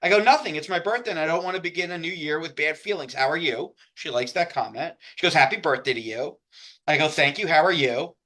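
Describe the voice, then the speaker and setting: A man's voice: a little high, quick pace, pushed and bright. A man in casual chat, animatedly retelling a text exchange and acting out both sides. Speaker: co-host. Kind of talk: casual chat, reading out chat messages.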